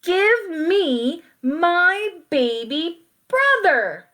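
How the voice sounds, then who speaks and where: A woman's voice: very high-pitched, sing-song, very slow, sharp tone, pitched above the performer's own voice, full character voice. A woman voicing a stubborn, clever little girl in a read-aloud picture book, speaking firmly.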